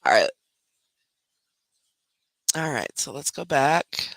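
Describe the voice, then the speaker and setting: A host reacting to videos in a casual, chatty way, using slang aimed at viewers. The voice is bright and forceful, recorded dry and close with no room sound. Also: mid-range voice, very animated, takes it slowly, vocal fry, no room sound. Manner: casual slang, laughs openly, talks to viewers. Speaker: reaction commentator. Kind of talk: casual commentary on played videos.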